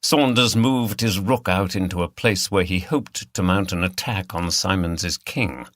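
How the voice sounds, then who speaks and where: A male narrator reads a mystery novel in a measured, even storytelling style. His voice sits on the low side. The recording is dry and close, with no room sound. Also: dry recording. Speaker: audiobook narrator. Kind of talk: scripted narration.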